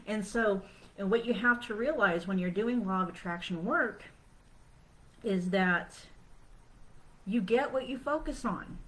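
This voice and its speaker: A woman's voice: medium pitch, rough recording. A woman giving a casual self-help lesson to viewers, chatty and loose, full of "you know" and "like". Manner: acts out her own past thoughts in quoted asides. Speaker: spiritual self-help teacher. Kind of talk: casual teaching talk to viewers.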